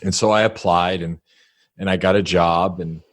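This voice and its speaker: A man with a very low voice tells his story earnestly, starting over and over as his thoughts catch up. His voice sounds close and dry, with no room around it. He talks with a guest's conversational sincerity. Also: steady tone, no room sound. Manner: earnest, halting, many restarts. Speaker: podcast guest. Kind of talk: casual storytelling interview.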